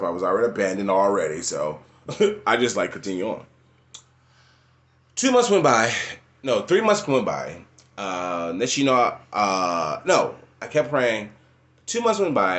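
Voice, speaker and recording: A young man telling his life story in unscripted personal testimony, informal and repetitive, laughing often and jumping up in pitch when he quotes other people. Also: sing-song, moderate pace, a bit bright.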